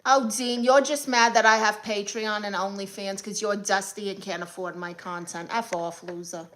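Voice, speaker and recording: Hosting a live stream as a comedian, this bright-voiced woman from Brooklyn, New York reads chat comments aloud and answers with quick, sassy, blunt comebacks. Her pitch is medium and her intonation stays fairly even.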